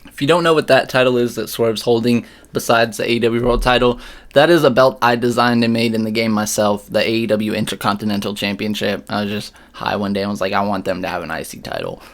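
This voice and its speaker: A man's voice: medium pitch, steady tone, quick pace. A man co-hosting a podcast in casual chat, blunt and jokey, swearing freely. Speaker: podcast co-host.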